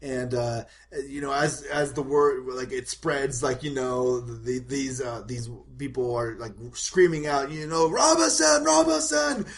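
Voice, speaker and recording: Animated man running a tabletop game. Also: medium pitch, a little slow, few pauses. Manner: animated, puts on shouted voices for villagers. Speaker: game master.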